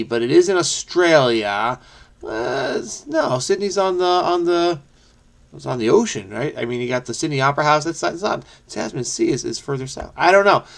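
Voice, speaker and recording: A man solving a crossword aloud, muttering clues to himself and breaking into sudden excited outbursts. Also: medium pitch, gravelly. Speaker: crossword solver, channel host. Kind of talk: casual think-aloud puzzle solving.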